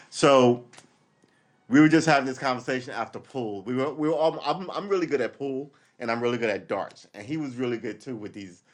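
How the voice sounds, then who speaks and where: Man in his forties, casual livestream monologue, rambling, profane, self-interrupting, mid-pitched voice. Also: fairly quick. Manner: rambling, profane, loses his train of thought. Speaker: livestream host.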